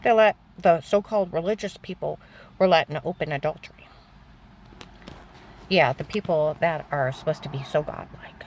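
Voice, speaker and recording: A woman's voice: sits low, slight background noise. An older woman giving a rambling, emotional personal testimony about her own life. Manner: rambling, emotional, halting storytelling.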